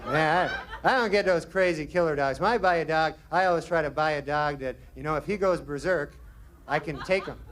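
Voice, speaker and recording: Deadpan, rambling stand-up comedian. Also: male voice, fairly high pitch, brisk, noisy background.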